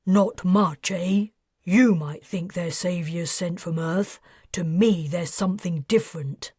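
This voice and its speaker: Scheming ex-financier read by a woman, guarded and low, audiobook. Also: takes it slowly, a little mellow, slightly rough, no room sound, clean studio sound. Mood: furtive. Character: scheming male ex-financier, furtive and smug.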